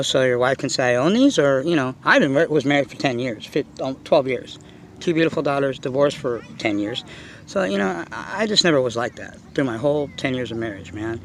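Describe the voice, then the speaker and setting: Outdoors, a middle-aged RC car hobbyist vlogger rants casually about his hobby in a medium-pitched, slightly bright voice, with a little hiss or hum in the audio. He's blunt and profane, rambling with lots of fillers.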